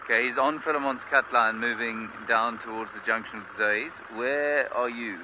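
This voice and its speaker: A man, a safari guide, calmly organising the search and explaining the plan during live game drive commentary. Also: medium pitch, moderate pace, background noise. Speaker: safari guide coordinating by radio. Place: outdoors in a game vehicle.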